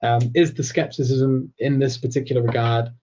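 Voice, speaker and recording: A man's voice: mid-range voice, little pitch movement, normal speed, mellow, highs cut off. A man hosting a live question-and-answer talk, thinking aloud with fillers and restarts and acting out quoted dialogue. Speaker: host answering audience questions.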